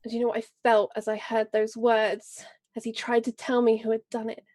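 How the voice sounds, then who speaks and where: A proud, vengeful noble lady, as a woman puts her on, grave and forceful, measured in every word. Her voice sits a little high. She speaks in tabletop role-play. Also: monotone, close to an everyday voice. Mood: fierce, earnest. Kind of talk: in-character role-play speech.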